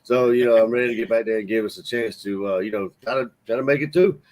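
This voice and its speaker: A man's voice: mid-range voice, fast, a little mellow. A man with a Southern US accent, guest co-hosting a sports podcast in a laid-back, folksy way. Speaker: guest co-host. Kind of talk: casual sports podcast chat.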